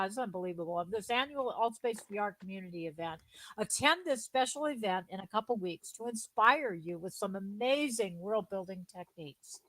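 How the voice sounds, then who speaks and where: A woman's voice: mid-range voice, no echo, low-quality recording. A woman co-hosting a community news stream, reading scripted updates in an earnest, friendly manner. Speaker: co-host.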